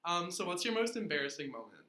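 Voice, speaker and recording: A man asking questions in a relaxed, casual chat. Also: high voice, fast talker. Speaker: interviewer. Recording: echoey room.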